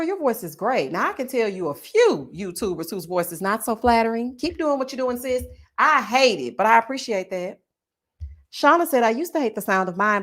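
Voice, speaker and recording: A woman with a Texas Southern twang, chatting casually with her viewers in a sing-song, drawn-out way. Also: a little high, a bit bright. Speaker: YouTube reality-show reviewer. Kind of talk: casual chat reading viewer comments.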